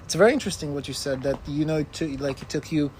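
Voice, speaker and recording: A man's voice: on the high side, fast, a little mellow, a little hiss or hum. A man hosting a podcast, talking casually with many "uh"s and tag questions. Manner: hesitant, many "uh"s and "right?". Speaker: podcast host. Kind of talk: casual conversation.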